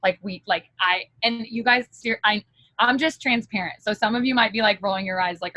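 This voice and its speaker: A woman's voice: medium pitch, moderate pace, bright, forceful tone, no echo, poor audio. A woman giving a candid motivational talk as a direct-sales team leader, chatty and full of fillers.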